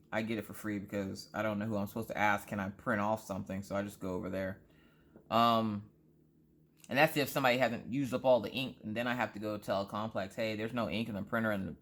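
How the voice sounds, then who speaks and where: Rambling woman telling a story. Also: a bass voice. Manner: rambling, animated storytelling with frequent asides. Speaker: crafting vlogger. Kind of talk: casual chat.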